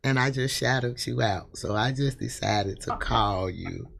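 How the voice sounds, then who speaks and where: Gravelly man, interview guest, halting slangy delivery. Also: medium pitch, a bit bright, slight background noise. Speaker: interview guest, parent of a late son. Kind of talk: emotional interview talk.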